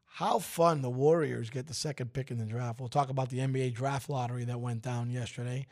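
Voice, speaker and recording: A man's voice: medium pitch, steady tone, a little fast, a little mellow. A man hosting a radio show, chatting casually, joking and rambling.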